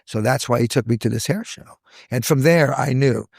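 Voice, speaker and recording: A man in his sixties, a hair educator, telling stories from his career in a lively podcast chat, acting out the voices of people he quotes. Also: medium pitch, moderate pace, vocal fry, breathy edge, no room sound, clean studio sound. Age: 60s. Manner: animated storyteller, acts out quoted voices. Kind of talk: casual podcast storytelling.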